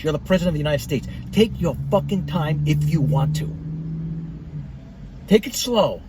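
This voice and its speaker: A man's voice: on the high side, darkish tone, a little hiss or hum, poor audio. A middle-aged man reviewing cigars in a blunt, profane, rambling monologue.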